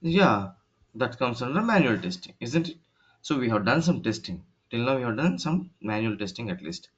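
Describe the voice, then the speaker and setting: A man teaching an online class, talking haltingly with many fillers and restarts over a video call. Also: mid-range voice, very animated, husky. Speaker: instructor. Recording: dull lo-fi call audio.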